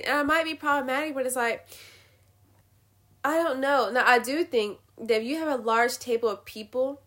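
A young woman giving blunt, profane opinions in a casual rant to the camera. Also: on the high side. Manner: blunt, swearing, animated ranting. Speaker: vlogger.

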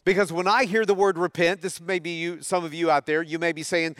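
A man's voice: fairly high pitch, little pitch movement, brisk, hardly any pauses, fairly bright tone, dry recording, clean studio sound. A middle-aged man preaching a sermon, talking conversationally and putting questions to his audience. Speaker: pastor.

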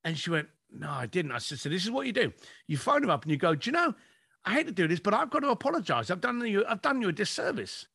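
A man's voice: sits high, sing-song, fast talker, vocal fry, sharp tone, husky. A man, a business coach telling stories in a podcast conversation and acting out his clients' lines.

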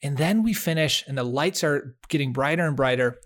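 A man's voice: on the high side, a little fast. Earnest man sharing a heartfelt story. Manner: earnest, heartfelt storytelling with restarts and soft laughs. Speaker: podcast co-host. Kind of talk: casual faith podcast chat over video call. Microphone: video call setup.

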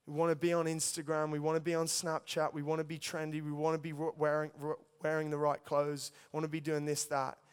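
A man's voice: fairly high pitch, completely flat delivery, brisk, few pauses, clear, resonant tone. A young man preaching a sermon, telling his own story in an earnest, storytelling way and addressing the listeners as guys. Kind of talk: sermon testimony. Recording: long hall reverb.

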